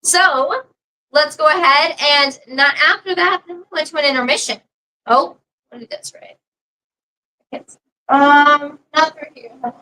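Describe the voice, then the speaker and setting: Woman co-host, high and bright, agreeable, hedging, slightly distant from the mic. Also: measured pace, pauses often, slight background noise. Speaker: co-host of a wrestling recap stream. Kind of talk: casual chat.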